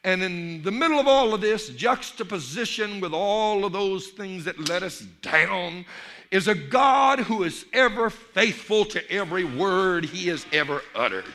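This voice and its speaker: A man preaching a sermon, building up to shouted emphasis and then dropping his voice low. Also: lively intonation, measured pace. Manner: storytelling in a Cajun dialect for the joke characters. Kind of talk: sermon with a folksy joke.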